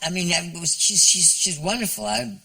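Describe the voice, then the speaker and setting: Gravelly older man telling a chat-show story. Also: sits high, sharp tone, recorded from a distance, low-quality recording. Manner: halting storyteller, many restarts. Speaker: guest. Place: television studio with audience.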